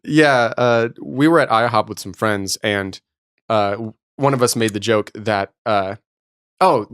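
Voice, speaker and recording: A man co-hosting a podcast, telling quick teasing stories with lots of laughter. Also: lowish voice, fairly bright tone, smooth, no room sound, studio quality. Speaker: podcast co-host. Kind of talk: casual chat.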